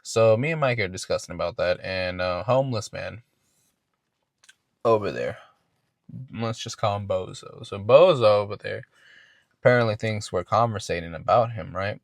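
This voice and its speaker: A podcast host tells a casual, profane story in a low, creaky voice at a moderate pace. He wanders, often restarts his words, and pauses frequently. The sound is dry and close, with no room echo.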